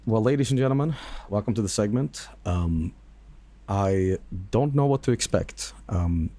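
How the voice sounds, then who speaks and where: A man streaming, casually reacting to videos with lively laughs and swearing. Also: lowish voice, a little slow.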